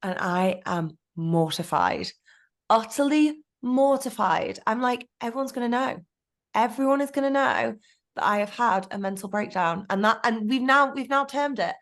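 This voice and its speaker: A woman, a podcast guest, frankly telling her personal story in an animated way. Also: on the high side, normal speed. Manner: frank, animated storytelling with self-talk asides. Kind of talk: candid storytelling interview.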